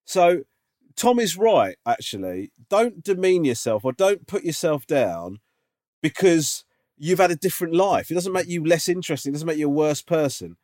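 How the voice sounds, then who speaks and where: A man's voice: fairly high pitch, sing-song, normal speed, darkish tone, dry recording. A man co-hosting a casual advice podcast, dry and teasing, reading listener emails aloud and giving his view. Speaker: podcast co-host. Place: remote call.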